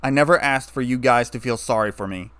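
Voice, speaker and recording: A man reading a story aloud, voicing a sarcastic, guarded young human man with a flat, wry delivery. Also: mid-range voice, brisk, smooth, dry recording, close to an everyday voice. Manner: wry, flat, turning bitter.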